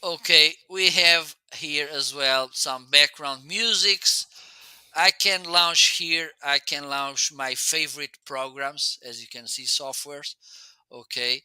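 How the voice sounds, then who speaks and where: A man with a slight Italian- or Portuguese-sounding accent hosts a casual live shopping stream, chatting and laughing often while demoing gear. His medium-pitched voice is bright, forceful, clear, and resonant, recorded with no room sound.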